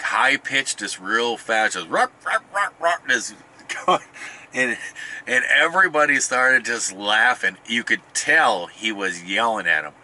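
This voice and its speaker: A man's voice: lowish voice, pushed and bright. A middle-aged man casually telling a rambling family story, often restarting and chuckling. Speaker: podcast host.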